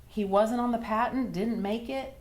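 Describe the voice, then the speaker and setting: A woman in her thirties, earnest and halting, telling her own story as a former patient in an interview. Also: on the high side, a little mellow. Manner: earnest, halting, many restarts. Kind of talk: emotional personal account.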